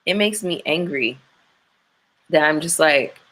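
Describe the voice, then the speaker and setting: A low-pitched woman chats to her viewers on a livestream, sounding worn out and emotional. Her talk is candid and slangy, like she is venting to friends. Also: animated, a little slow. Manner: gets loud and high-pitched when ranting. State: exhausted and emotional. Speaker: YouTube livestream host. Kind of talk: casual livestream chat with viewers.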